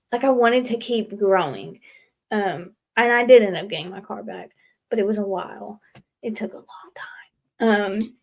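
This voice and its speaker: A young woman telling her recovery story as a guest in a casual live interview, earnest and rambling, with many fillers. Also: medium pitch. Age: young adult. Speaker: guest leaving a recovery house.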